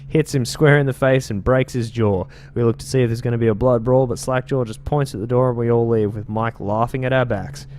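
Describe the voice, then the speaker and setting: A man's voice: medium pitch, steady tone, a little fast, hardly any pauses, a little mellow, a little hiss or hum, close to an everyday voice. A man voicing a male street gang member telling tales in an attempted British accent, reading game lore aloud in a slangy, loose delivery. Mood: storytelling.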